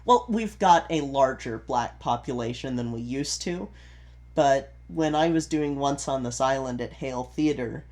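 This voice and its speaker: A man's voice: medium pitch, a little slow, darkish tone. A man co-hosting a casual podcast, explaining theatre with an easygoing, chatty manner and frequent ums and restarts. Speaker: podcast co-host, theatre performer. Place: home recording setup in Utah.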